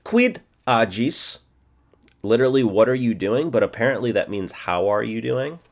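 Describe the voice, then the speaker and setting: A man in his forties teaching a self-study language lesson, thinking aloud, checking himself and repeating phrases slowly. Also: medium pitch, lively intonation. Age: 40s.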